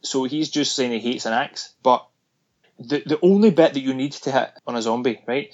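A man's voice: medium pitch, moderate pace, dull audio. Man animatedly retelling a film. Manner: animated retelling with laughs, acting out lines. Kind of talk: casual film discussion.

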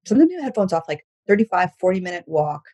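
A woman's voice: fairly low pitch, very animated, racing, warm tone, slightly rough, no room sound, low-quality recording. A woman, a comedian chatting casually on a podcast with lots of restarts and casual swearing. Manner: rambling, frequent likes and restarts, swears casually. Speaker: comedian guest.

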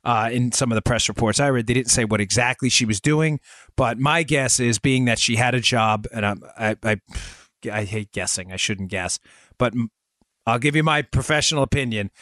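A man's voice: medium pitch, moderate pace, a bit bright, no echo, clean studio sound. Emphatic, sarcastic man in his forties. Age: 40s. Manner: storytelling, addresses listeners as folks. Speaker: podcast host. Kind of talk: political commentary podcast.

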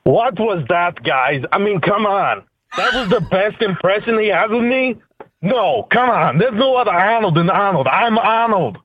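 A man's voice: sits high, animated, measured pace, no echo. A male caller doing an impression of a famous bodybuilder-actor: boastful, over a phone line. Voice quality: thick put-on accent, bragging. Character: boastful musclebound Austrian-accented action star impression, male.

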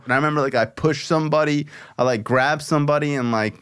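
A man's voice: fairly high pitch, quick pace, a bit bright, clean tone. A man hosting a podcast, telling a story in a loose, casual way, swearing and saying "like" a lot. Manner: loose, expletive-laced storytelling full of "like". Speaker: podcast host.

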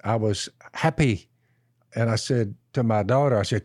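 A man telling a slow, folksy outdoor story and turning it into Bible teaching, repeating "I said" as he goes. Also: lowish voice, darkish tone, dry recording, studio quality. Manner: slow, drawn-out storyteller who keeps repeating "I said". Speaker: podcast co-host.

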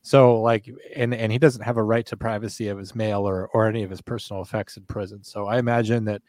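A man's voice: fairly low pitch, fairly even intonation, quick pace, a little mellow, no echo. Man musing at length with restarts. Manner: thoughtful, rambling with restarts. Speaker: podcast co-host. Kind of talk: casual true crime discussion.

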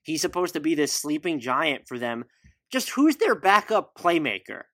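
A man hosting a casual sports podcast, talking in an animated way and firing off questions. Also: a little high, normal speed, no echo. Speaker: podcast host.

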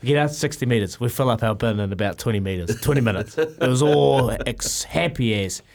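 A man's voice: fairly quick, creaky. A man with a New Zealand accent, a radio co-host telling a casual story and laughing often. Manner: animated, laughing often, jumps pitch for quoted lines.

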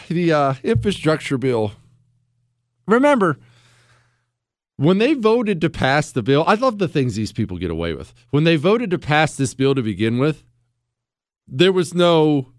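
A man's voice: a little high, no echo, studio quality. A man hosting a talk radio show, joking with sarcastic asides as he talks to listeners and callers. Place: radio studio. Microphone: studio microphone.

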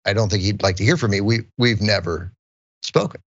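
A man's voice: lowish voice, animated, a little fast, a bit bright. A middle-aged man co-hosting a podcast, telling a story in rambling, self-interrupting chat. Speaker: podcast co-host. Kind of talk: casual chat, comic storytelling. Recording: dull, lo-fi, dry sound.

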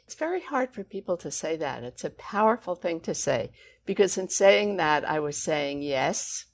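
A woman with a low voice speaks as a guest author, telling a story with lively, expressive emphasis. Her tone carries a gravelly, creaky edge throughout. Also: normal speed. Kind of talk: conversational storytelling.

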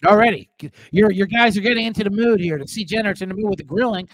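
A man's voice: sits high, fast, a crowd in the background, rough recording. A man hosting a sports betting show, ranting comically with lots of swearing and mimicking relatives. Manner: profane, animated, mimics family members. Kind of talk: comedic live-stream rant.

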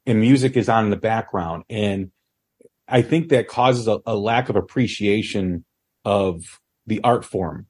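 A man hosting a podcast, asking questions in a measured, thoughtful way. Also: fairly low pitch, husky. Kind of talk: casual podcast conversation.

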